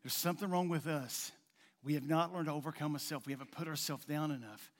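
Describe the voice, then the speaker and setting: A male pastor preaching in a folksy, rambling way, at times dropping to a soft coaxing tone. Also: on the high side, fast talker. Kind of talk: sermon. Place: church sanctuary. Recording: long hall reverb.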